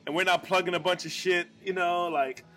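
Comedian cohosting a bar podcast, bright higher voice, faint music behind. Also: male voice, steady tone, brisk. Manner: joking, swearing, laughs a lot. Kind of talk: casual chat.

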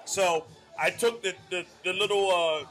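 A man hosting a casual bar podcast, telling a profane, animated story. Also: high voice, unhurried, soft background music. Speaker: podcast host.

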